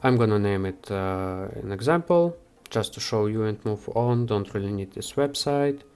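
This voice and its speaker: A man hosting a software how-to, talking the viewer through each step with frequent hesitations. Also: lowish voice, expressive, smooth. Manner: unhurried, with frequent "uh" fillers. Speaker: software tutorial host. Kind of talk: screen-recorded how-to walkthrough.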